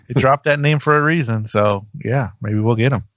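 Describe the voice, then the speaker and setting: A man's voice: medium pitch, no room sound, highs cut off. A man co-hosting a podcast in casual chat, easygoing and hesitant, with many fillers. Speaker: podcast co-host.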